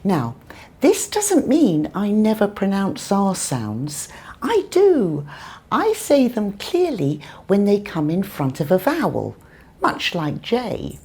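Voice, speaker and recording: A British woman with a non-rhotic accent teaching pronunciation, modelling words clearly and carefully. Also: mid-range voice, wildly swooping pitch, takes it slowly, darkish tone. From Britain. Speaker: English teacher, co-host. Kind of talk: scripted pronunciation lesson.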